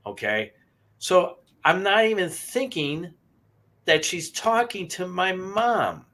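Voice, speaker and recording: A man co-hosting a paranormal podcast, telling a personal story in a halting, emotional way and often repeating himself. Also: fairly high pitch, animated, bright, forceful tone. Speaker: podcast co-host. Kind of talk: casual storytelling.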